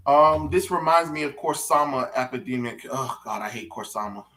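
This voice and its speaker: A man in casual pop culture chat, animated and rambling as a podcast co-host. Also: medium pitch, normal speed, far from the mic. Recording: echoey room, off-mic.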